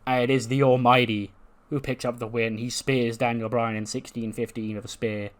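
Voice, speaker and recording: A man's voice: mid-range voice, flat delivery, moderate pace. A man hosting a gaming channel, narrating a wrestling sim playthrough in a casual, rambling way and correcting himself as he goes.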